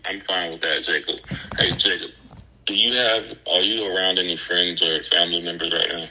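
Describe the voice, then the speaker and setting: A man speaking as a mental health professional on a call, slow and patient, often using the caller's name. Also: low-pitched, fairly even intonation, bright, forceful tone, breathy edge, poor audio. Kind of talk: calm phone counseling.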